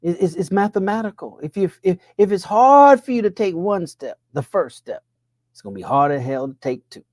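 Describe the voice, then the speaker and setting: A man's voice: sing-song, a little fast, a little mellow, dry recording, studio quality. A man, giving a motivational money talk in a preaching style, firing off rhetorical questions. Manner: preacher-like, rhetorical questions, pitch swings up when pressing a point. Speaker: money coach.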